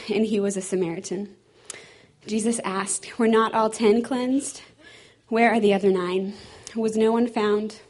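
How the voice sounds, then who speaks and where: A woman's voice: medium pitch, darkish tone. A woman reading a Bible passage aloud, a little out of breath. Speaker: scripture reader.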